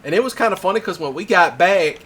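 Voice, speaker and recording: A man hosting a casual chat, telling stories in an animated way, laughing often and swearing freely. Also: high voice, fast talker, slightly rough. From Mississippi. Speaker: host.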